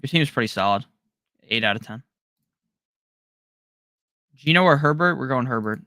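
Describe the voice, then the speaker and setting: A man hosting a casual live Q&A, rattling through viewer questions with short, offhand answers and loose slang. His voice has a gravelly edge over a bright, forward tone, and it sounds dry, with no room around it. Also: medium pitch, lively intonation, no echo. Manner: rapid-fire, offhand answers with slang and the odd curse. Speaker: fantasy football live-stream host.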